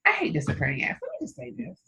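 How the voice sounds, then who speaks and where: A woman's voice: a little high, wildly swooping pitch, very fast, vocal fry, bright, forceful tone, poor audio. A woman co-hosting a podcast in casual, joking chat, laughing often. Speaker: podcast co-host.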